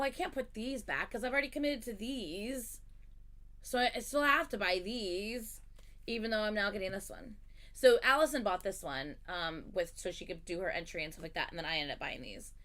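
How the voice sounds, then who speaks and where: A woman's voice: mid-range voice, sharp tone. A woman hosting a livestream, chatting casually and animatedly as she tells a story, swearing freely. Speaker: livestream host.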